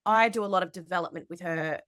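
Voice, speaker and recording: A woman hosting a podcast, telling a story in a chatty, animated way with lots of fillers. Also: fairly low pitch, fast talker, smooth, dry recording, clean studio sound. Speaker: podcast host. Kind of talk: casual storytelling chat.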